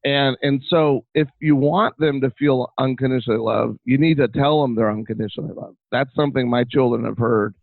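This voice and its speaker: A man's voice: mid-range voice, fairly quick, gravelly, hardly any pauses, no echo. A middle-aged man talking as a guest, telling stories with animation and many restarts. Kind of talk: casual interview chat. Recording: tinny phone-like line.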